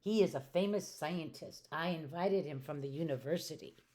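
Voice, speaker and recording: A woman's voice: low-pitched, normal speed, mellow, natural voice. A woman reading as a kind, patient schoolteacher. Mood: friendly.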